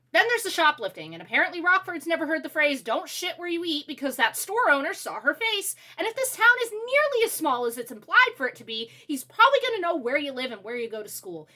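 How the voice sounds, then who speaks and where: Exasperated, animated woman game reviewer. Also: high-pitched. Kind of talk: ranting video game review.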